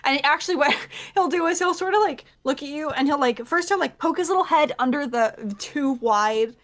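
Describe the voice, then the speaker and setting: Woman game master, higher voice, playful, loose narration, tabletop game. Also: moderate pace, a bit bright. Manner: playful, loose, full of fillers.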